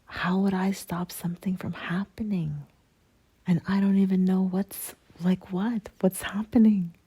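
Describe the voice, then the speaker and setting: Whispered role-play: woman doing a flustered young woman, husky, quicker whisper. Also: medium pitch, steady tone, dark tone. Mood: bewildered. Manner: flustered, questioning. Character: bewildered young woman lost in the woods.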